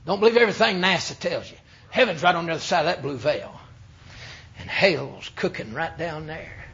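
Preacher with a dull recording. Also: male voice, a little high, lively intonation, a little fast, gravelly. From United States. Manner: emphatic pulpit delivery, swinging between loud and hushed. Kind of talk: sermon.

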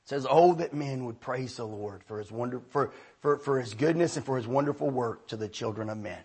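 A man preaching a sermon, telling a story and then leading the room in hushed prayer. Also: mid-range voice, a little fast, breathy edge.

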